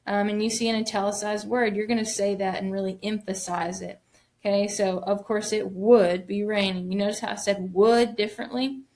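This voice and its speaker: A woman teacher reading a children's novel aloud to her students, stopping to explain reading points and stressing key words. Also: mid-range voice.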